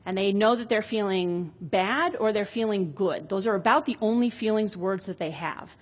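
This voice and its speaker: A woman in her thirties talks through parenting advice in a relaxed, explanatory way. Her voice is husky with a breathy edge, and her pitch sits in a middle range for a woman. She often reads short example dialogues aloud in a reflective, conversational tone. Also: normal speed. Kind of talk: casual explanatory talk on parenting.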